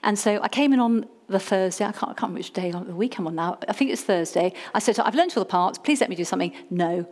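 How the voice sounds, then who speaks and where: A woman telling a lively personal testimony story, self-mocking and acting out her own past pleas. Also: mid-range voice, fast, few pauses.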